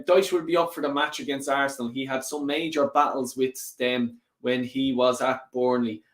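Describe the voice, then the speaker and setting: A man hosting a football fan live stream, reading viewer comments in a lively, sweary way. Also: medium pitch, reverberant. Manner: animated and sweary, rants and laughs often. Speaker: football fan channel host.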